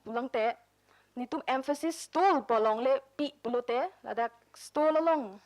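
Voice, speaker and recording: A woman's voice: high voice, normal speed, a little mellow, rough recording. A woman presenting a workshop lecture, mixing two languages as she explains terms and examples. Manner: switches between Karbi and English, explains with examples. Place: conference room.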